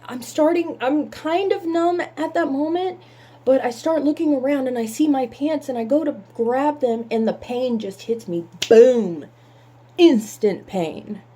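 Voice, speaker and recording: A woman telling a painful personal story in halting words, holding back tears. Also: sits high, mellow, breathy edge.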